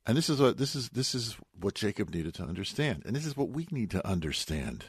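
A man preaching on the weekly Bible portion in a low, husky voice that swings widely in pitch. He tells it like a story, with homespun asides and Hebrew words mixed in. The sound is dry and close, with no room around him. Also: sing-song, fairly quick, no room sound. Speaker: rabbi giving a weekly Torah talk. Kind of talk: radio sermon on the weekly portion.

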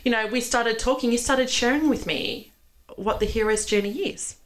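A woman's voice: on the high side, moderate pace, low-quality recording. A woman hosting a casual interview chat, effusive and full of restarts and fillers. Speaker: podcast host.

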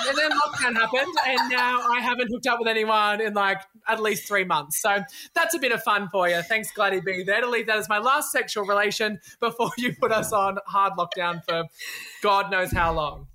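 A woman's voice: high-pitched, brisk, bright, forceful tone. A young woman telling a story in casual chat, acting out voices and laughing often. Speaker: podcast co-host.

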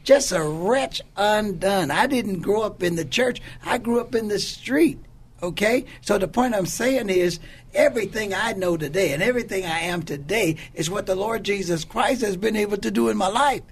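A man's voice: high voice, moderate pace, slightly rough. An older man, a bishop from Oakland, telling his life story emphatically and acting out the quotes in a preacherly cadence. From Oakland, California. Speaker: bishop, guest. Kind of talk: candid testimony in a conversation.

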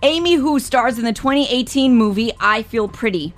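A woman's voice: a little high, animated, moderate pace, soft background music. A woman hosting a radio show, teasing and playful as she runs a quiz. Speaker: radio host. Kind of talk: casual radio banter.

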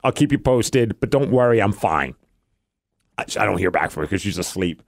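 A man, a podcast host telling a story in a casual chat, animated and acting out quotes. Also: fairly low pitch, a little fast, vocal fry, no echo, clean studio sound. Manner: animated, acts out quotes in funny voices. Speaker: podcast host, part-time wrestler.

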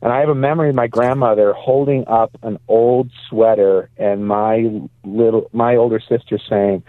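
A man's voice: medium pitch, steady tone, normal speed, dry recording. A male pastor calling in as a guest from a parked car, telling chatty stories and laughing easily. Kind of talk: casual storytelling. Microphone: phone call. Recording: tinny phone line.

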